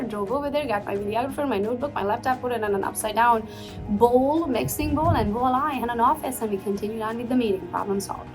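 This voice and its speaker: A woman's voice: on the high side, rough recording. A woman hosting her own business vlog, chatting and giving upbeat motivational advice with frequent laughs. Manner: energetic, chatty, laughs often. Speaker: entrepreneur vlog host.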